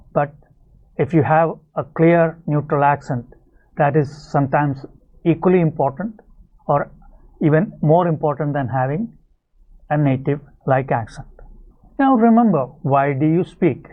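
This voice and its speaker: A man's voice: on the high side, a little slow, pauses often. English teacher man, tinny phone-like sound. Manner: explanatory, addresses viewers directly. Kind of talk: scripted video lesson.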